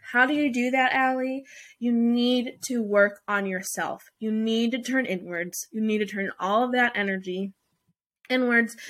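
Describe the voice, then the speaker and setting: Her voice sits fairly high and has a slight brightness. She's a young woman running a podcast, dishing out fiery, blunt relationship advice loaded with swearing and filler words.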